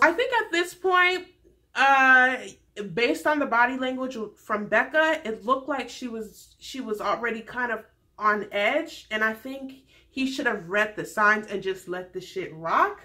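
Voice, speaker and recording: A young woman in her twenties giving a frank, animated casual recap of a TV show as the host of her vlog. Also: high-pitched. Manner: frank, animated storytelling with candid opinions.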